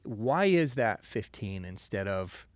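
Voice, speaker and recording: A man's voice: on the low side, big pitch swings, slow pace, no room sound. A man co-hosting a podcast, talking in a casual, rambling, opinionated way, full of "you know" and "right?". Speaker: podcast co-host.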